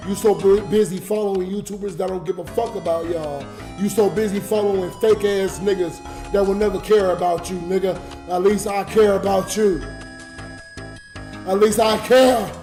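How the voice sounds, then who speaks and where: High-voiced drunk man ranting on stream. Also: mellow. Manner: emotional, rambling rant. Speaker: livestreamer. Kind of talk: late-night livestream chat. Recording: roomy with music behind. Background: music.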